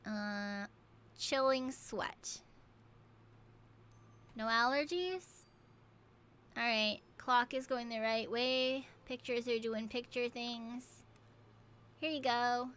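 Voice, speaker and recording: A woman's voice: a little high, takes it slowly, a bit bright, clear, resonant tone. A woman streamer giving casual gameplay commentary, playful and swearing freely.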